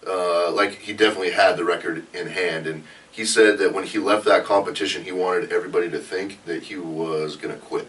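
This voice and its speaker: A man's voice: low voice, fairly even intonation, fairly quick, few pauses, fairly bright tone, distant mic. A man, a powerlifter, chatting casually on a podcast in an easygoing way that trails off with fillers. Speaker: powerlifter guest.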